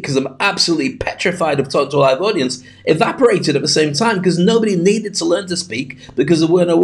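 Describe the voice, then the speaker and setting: A middle-aged man hosting a solo podcast, chatty and jokey, talking fast with lots of asides. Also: on the high side. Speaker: podcast host. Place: home studio.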